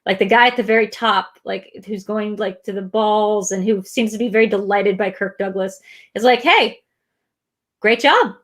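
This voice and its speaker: A woman's voice: medium pitch, fairly even intonation, normal speed. A woman co-hosting a movie discussion show, rambling in a casual, profane way with lots of filler words. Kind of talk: casual film discussion chat.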